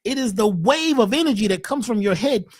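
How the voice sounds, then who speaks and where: A man giving a webcast talk on health in a preacherly way, swinging between loud lines and hushed ones. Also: high-pitched, animated, a little fast, husky. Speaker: holistic health speaker.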